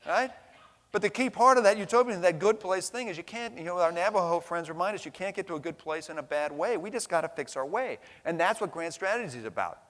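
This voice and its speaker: A man's voice: high-pitched, animated, quick pace, fairly bright tone. A middle-aged man giving an impassioned conference keynote, blunt and emphatic, swearing casually and tagging points with "right?". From United States. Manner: blunt, profane, emphatic, frequent "right?" tags. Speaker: conference plenary speaker. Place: large conference hall. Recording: long reverb of a large hall.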